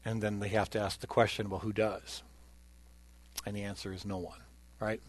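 A male pastor preaching a sermon, telling a personal testimony earnestly and swinging between loud emphasis and quiet. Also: on the low side, little pitch movement, moderate pace.

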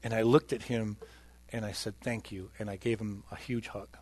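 A male pastor preaching a sermon, telling a personal testimony earnestly and swinging between loud emphasis and quiet. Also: on the low side, flat delivery, moderate pace, dry recording.

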